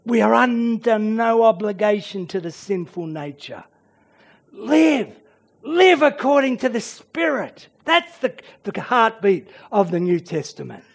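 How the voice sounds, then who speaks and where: A man preaching an earnest sermon, swinging between emphatic declarations and hushed, almost whispered lines. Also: high voice, very animated, a little slow, gravelly.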